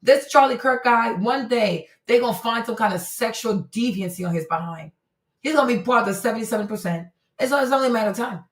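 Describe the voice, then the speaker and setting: A woman's voice: fairly high pitch, fast. Blunt, emphatic female stream host reacting to clips; echoey room sound. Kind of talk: casual commentary on clips.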